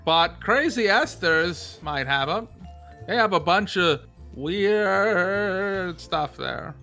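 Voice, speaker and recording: An easygoing old shopkeeper, played by a game master at a tabletop game, drawling and hesitant, full of uhs, with an odd, homely accent. His pitch rises and falls freely while he stays in the middle register, and faint music plays behind him. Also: sing-song, moderate pace, fairly bright tone. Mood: folksy.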